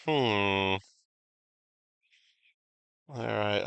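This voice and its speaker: Male streamer, casual gaming chat, lively pitch, dry close mic. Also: normal speed, no room sound. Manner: chatty, reads viewer comments aloud, swears casually.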